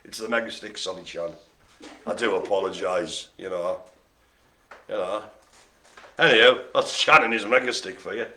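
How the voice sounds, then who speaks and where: A man's voice: lowish voice, moderate pace, pauses often, bright, forceful tone. A man hosting a live online bingo game, rambling and joking as he stumbles over hard names. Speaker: bingo host.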